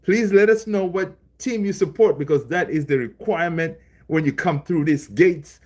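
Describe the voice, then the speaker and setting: A man's voice: on the high side, moderate pace. A man hosting a live stream in a loose, conversational way. He talks back to chat and repeats his own lines for emphasis. His speech is full of fillers and restarts. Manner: loose and chatty, laughs along with viewers; many fillers, repeats phrases. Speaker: livestream host reading chat.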